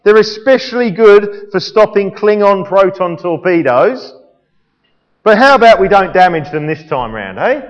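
A breezy, mock-boastful male starship captain, as a preacher puts him on, with a raised, lively voice. Long hall reverb hangs on it and the sound is slightly dull. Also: high voice, measured pace, pitched above the performer's own voice. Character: bold male starship captain, oddly cheerful.

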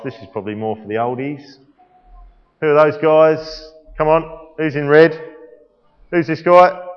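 A male preacher delivering a sermon in a playful way, quizzing the congregation, recorded in an echoey church hall with a dull sound. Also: on the high side.

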